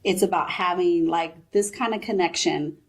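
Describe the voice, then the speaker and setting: A woman in her forties, a business founder, chatting in an interview and retelling advice in lively quoted voices. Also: fairly low pitch, normal speed. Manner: animated storyteller, quotes her mother. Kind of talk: casual interview chat.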